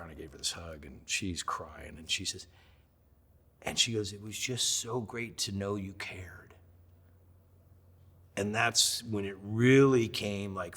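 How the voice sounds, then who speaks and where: A middle-aged man and chef, interviewed, telling stories with energy and acting out the dialogue, now loud, now hushed. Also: fairly low pitch. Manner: acts out quoted dialogue, swings between loud and hushed. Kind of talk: animated storytelling.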